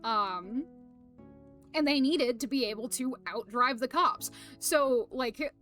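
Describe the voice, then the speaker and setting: A woman's voice: fairly high pitch, pushed and bright. A young woman streaming, chatting casually to viewers, rambling with lots of fillers, laughter and swearing.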